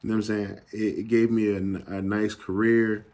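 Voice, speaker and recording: Young man, lower voice, casual slangy storyteller who acts out the people he quotes. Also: flat delivery, normal speed, darkish tone. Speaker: YouTube gaming channel host.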